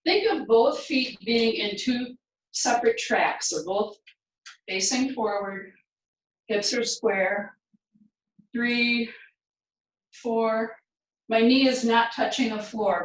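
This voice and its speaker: A woman fitness instructor leading a guided home workout, counting reps aloud and giving steady encouraging cues. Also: on the high side. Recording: very echoey room, mic far away.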